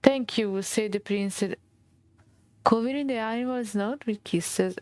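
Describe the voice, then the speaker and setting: Slow-reading Italian woman streamer. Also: medium pitch, a little mellow, no room sound. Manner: halting reading with restarts and Italian asides. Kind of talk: reading game text aloud.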